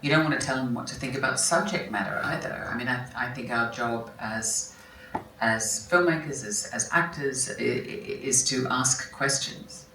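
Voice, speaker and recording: Speaking at normal speed in a rumbling low voice, a film actress answers interview questions onstage at a festival talk in a large hall. She is reflective and keeps restarting and correcting herself mid-sentence. The background is noisy, and the roomy recording comes from a distant mic with faint ambience.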